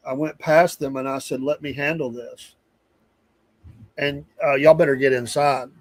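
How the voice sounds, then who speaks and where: A man's voice: mid-range voice, dry recording. A middle-aged man with a Southern US accent hosting a live show, venting in a casual, rambling monologue and repeating himself for emphasis.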